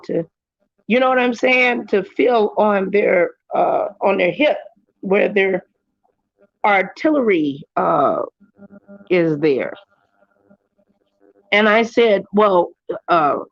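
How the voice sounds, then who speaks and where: A woman's voice: no room sound, highs cut off. A woman hosting her own livestream, telling stories in casual chat and jumping into other voices for quotes. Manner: animated storytelling, jumps into high voices for quotes. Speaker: livestream host.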